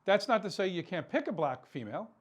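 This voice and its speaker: A man's voice: high voice, sing-song, fast, lo-fi sound. A man hosting a political talk show, delivering an impassioned commentary monologue full of rhetorical questions and repeated words for emphasis.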